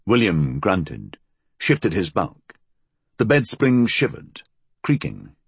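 Deep-voiced male audiobook narrator. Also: gravelly, breathy edge, no echo. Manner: measured, expressive storytelling.

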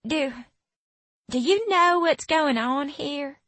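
This is a frightened, teary young woman with a Southern drawl, put on by a woman narrating a story. Her voice sits high and sniffly over an unhurried pace. The recording is dry and close. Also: lively intonation, fairly bright tone, dry recording, full character voice.

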